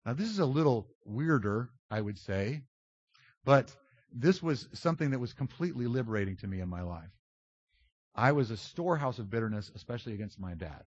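A man preaching a sermon, animated and self-described loud, swinging from big outbursts to low confiding tones. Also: slightly rough, no echo, muffled recording. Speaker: pastor.

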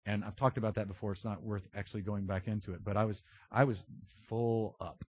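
A man preaching a sermon, animated and self-described loud, swinging from big outbursts to low confiding tones. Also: a little fast, husky, dry recording, highs cut off. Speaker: pastor.

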